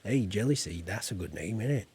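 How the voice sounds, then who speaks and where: A man's voice: fairly low pitch, expressive, a little fast, gravelly, a little mellow, breathy edge. A man streaming a farming game, chatting in a rambling, jokey, homely way as a folksy farmer persona. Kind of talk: casual let's-play chat.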